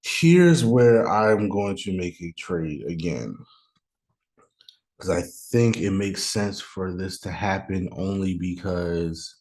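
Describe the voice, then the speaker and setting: A deep-voiced man hosts a casual solo show from home, thinking aloud as he goes. He rambles and second-guesses himself, then bursts into mock anger. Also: animated, slow pace, darkish tone. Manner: thinks aloud, chatty, sudden mock outrage. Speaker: podcast host doing a mock draft. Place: room at home, noise outside.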